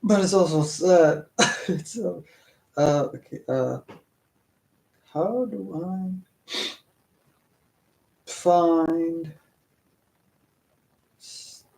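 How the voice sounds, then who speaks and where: Young guy chatting on stream, kinda high voice, slow and halting, lots of ums and restarts. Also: vocal fry, darkish tone. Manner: hesitant, stammering, many fillers and restarts. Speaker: book reading channel host. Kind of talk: casual rambling livestream chat.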